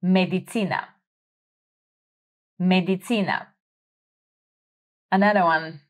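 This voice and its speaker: Slow, careful woman language teacher. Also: on the low side, steady tone. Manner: slow, clearly enunciated, encouraging prompts. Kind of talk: slow vocabulary drill lesson.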